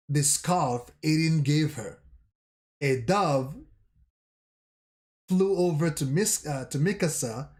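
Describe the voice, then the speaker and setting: Slow-talking man recapping a manga. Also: on the high side. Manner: recounts scenes haltingly, with pauses and self-corrections. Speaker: manga vlogger. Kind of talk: casual manga chapter recap.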